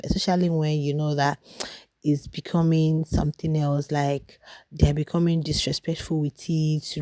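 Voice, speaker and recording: Low-voiced Nigerian woman gossiping. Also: warm tone, no room sound. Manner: chatty, gossipy, talks straight to viewers. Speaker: reality show commentator. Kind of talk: casual reaction vlog.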